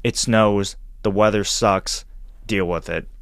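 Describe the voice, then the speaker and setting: A man's voice: on the low side, steady tone, takes it slowly, gravelly, fairly bright tone, no echo, studio quality. A man co-hosting a casual sports podcast, talking in a rambling way with lots of restarts and laughs. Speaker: podcast co-host.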